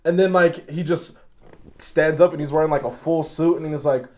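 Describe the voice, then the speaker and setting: A man's voice: fairly high pitch, fairly even intonation, normal speed, a little mellow. A man hosting a casual podcast chat, joking, laughing often and swearing freely. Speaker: podcast host.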